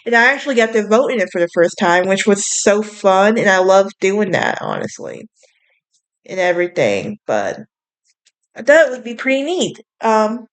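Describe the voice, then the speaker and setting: A young woman with a Southern US accent hosts a podcast in relaxed, gossipy chat. She talks in a sassy, bubbly way and scatters fillers through her sentences. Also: medium pitch, normal speed. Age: young adult. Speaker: podcast host. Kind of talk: casual chat.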